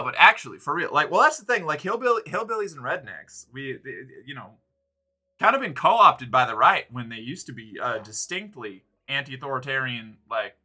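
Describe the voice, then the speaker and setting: A man talking casually and rambling through his points, with plenty of swearing and restarts. His voice is bright and sharp, set at a medium pitch. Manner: rambling, profane, many fillers and restarts. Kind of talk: casual chat.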